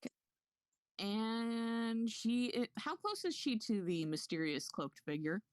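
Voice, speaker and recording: Player, woman, unhurried and hesitant, dry close sound. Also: a little high, animated, clean tone, dry recording. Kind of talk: tabletop game play.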